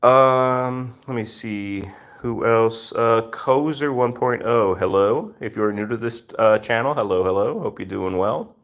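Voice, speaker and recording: A man's voice: medium pitch, measured pace, fairly bright tone. A man hosting a casual live stream with his rescue cats, greeting viewers by name in a chatty manner with many fillers.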